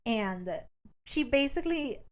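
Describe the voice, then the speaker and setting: A woman's voice: high voice, animated, unhurried. A woman co-hosting a podcast, casually recapping a romance book, acting out the characters' lines with big jumps in her voice and frequent laughs. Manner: laughs often, swears casually. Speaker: podcast co-host.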